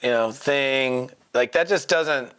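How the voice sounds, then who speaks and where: A man's voice: mid-range voice, slow pace, clear, resonant tone. A man hosting a solo podcast, talking animatedly and acting out hyped-up phone calls. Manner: animated, acts out phone calls with sudden bursts of hype. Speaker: podcast host and network marketing trainer. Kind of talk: energetic solo podcast talk.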